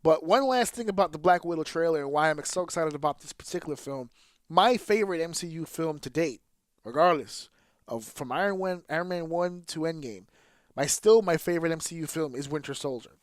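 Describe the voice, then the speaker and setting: A man's voice: a little high, a little fast, no room sound, clean studio sound. Candid, casually profane podcast host man. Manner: candid and casually profane, with filler words and restarts. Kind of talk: casual solo podcast commentary.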